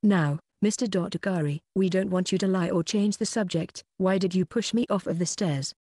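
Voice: mid-range voice, normal speed, mellow, slightly rough, no echo, clean studio sound, close to an everyday voice. A narrator doing a cold, ruthless young chef. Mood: menacing. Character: ruthless young male chef threatening captives.

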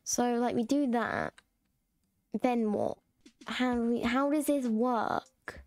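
A woman's voice: on the high side, takes it slowly, vocal fry, darkish tone. A woman chatting casually and rambling while she streams a game. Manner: chatty, rambling, self-mocking.

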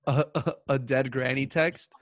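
A man's voice: mid-range voice, steady tone, a little slow, dry recording. A young man in his twenties, a podcast guest, telling stories casually with laughter and self-mockery. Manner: laughing, self-mocking storytelling with acted-out voices. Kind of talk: casual chat.

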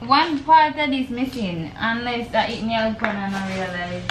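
A woman's voice: on the high side, normal speed. A young woman with a Jamaican accent, vlogging casual chat while putting together furniture, ranting animatedly with swearing and patois. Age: young adult. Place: dorm room. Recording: echoey room, faint noise.

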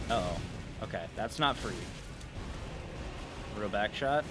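Over background music, this gaming video creator talks slowly in a lower voice during casual gameplay commentary. Excitable and foul-mouthed, he swears freely and trash-talks the bosses.

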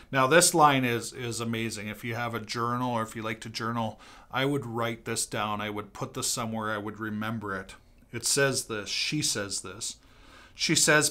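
Bright-voiced man giving a devotional. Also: medium pitch. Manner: earnest, repeats key lines for emphasis. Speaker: pastor. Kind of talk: devotional talk, reading aloud from a book.

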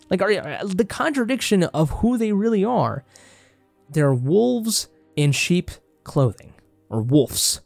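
A young man with a Mexican Spanish accent rants about a film in a heated, emphatic vlog monologue, his voice sitting a bit high for a man. The sound is close and dry, with faint music underneath. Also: sing-song, slow, vocal fry, a little mellow, no room sound. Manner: heated, emphatic, swears a lot, gets worked up. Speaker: film vlogger. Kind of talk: passionate movie review monologue.

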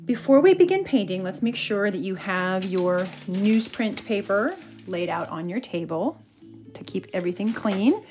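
A woman's voice: mid-range voice, normal speed, faint music behind. A woman teacher reading a picture book aloud and pointing out the pictures, then leading an art lesson. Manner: expressive storyteller, pointing out pictures.

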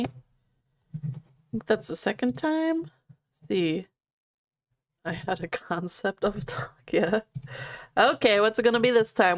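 A young woman talking through a game on a live stream from her home setup, close to a desk mic. She chats freely with her viewers, laughs easily and lets curses slip without a second thought. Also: mid-range voice. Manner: chatty, laughs easily, swears casually, talks to chat. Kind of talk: live-stream gameplay commentary. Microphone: desk microphone.

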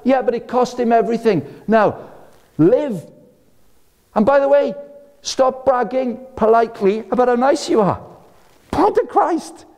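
A man giving an energetic, jokey sermon-style talk at an event. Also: very high voice, unhurried, vocal fry, pauses often. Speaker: speaker.

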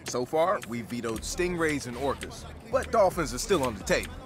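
A man voicing a calm, easygoing young hacker. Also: mid-range voice, normal speed, close to an everyday voice. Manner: calm, dry, amused replies. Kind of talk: video game dialogue. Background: game music.

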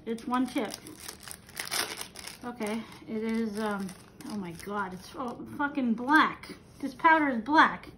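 High-voiced woman vlogger, joking and squeamish. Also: takes it slowly, long pauses, bright, forceful tone, a little hiss or hum, low-quality recording. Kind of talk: casual food challenge vlog.

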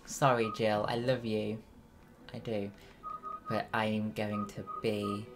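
Very low-voiced British woman streaming a game. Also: measured pace. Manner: chatty, talks to chat, bursts into excited shouts. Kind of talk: casual live gameplay commentary. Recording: loud game music behind.

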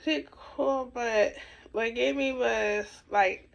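A woman's voice: a little high, fairly even intonation, slow pace, gravelly, lo-fi sound. A young woman vlogging casually, venting and rambling as she retells a frustrating day. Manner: frustrated, rambling, repeats herself.

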